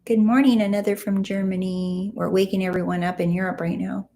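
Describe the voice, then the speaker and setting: A woman's voice: medium pitch, flat delivery, a little fast, dark tone. A woman hosting a casual livestream, greeting viewers and reading their comments aloud in a chatty, friendly way. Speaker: livestream host.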